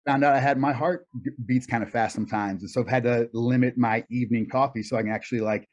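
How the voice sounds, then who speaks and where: A man's voice: mid-range voice, fairly even intonation, quick pace, darkish tone. A middle-aged man answering interview questions in a thoughtful, easygoing way, laughing often. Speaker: guest. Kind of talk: casual interview chat. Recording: dull lo-fi sound.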